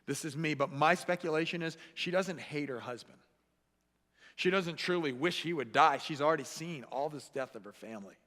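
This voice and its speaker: Male pastor, sermon, animated delivery, higher voice, bright forceful tone, long church reverb. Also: moderate pace. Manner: animated, acts out voices and quotes. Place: church sanctuary. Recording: echoey church hall.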